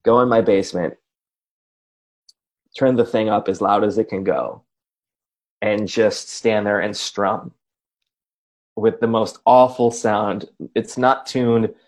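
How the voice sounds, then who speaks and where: A man's voice: fairly low pitch, fairly even intonation, takes it slowly, pauses often, a little mellow. A man in his forties from Wisconsin, a podcast co-host and radio personality, telling a rambling, self-deprecating story full of asides. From Racine, Wisconsin, USA. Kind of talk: casual storytelling chat.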